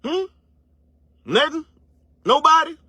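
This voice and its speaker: A very high male voice with lively intonation and a bright, forceful tone carries this online commentator's casual, profane motivational rant. He uses lots of slang and rhetorical questions and stretches words for preachy emphasis. No room sound is audible.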